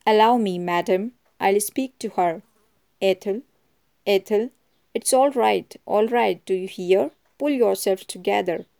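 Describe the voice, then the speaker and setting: A woman's voice: medium pitch, measured pace, vocal fry, mellow. A woman voicing an anxious male butler who speaks with urgency, in a storybook reading. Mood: urgent. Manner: urgent, coaxing.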